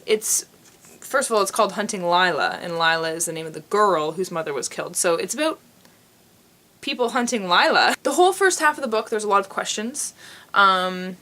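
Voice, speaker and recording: A woman from North America talks to camera in a casual book review. Her voice sits at an ordinary middle pitch, and she is chatty and expressive, dropping in frequent ums as she goes. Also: a little fast. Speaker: book vlogger.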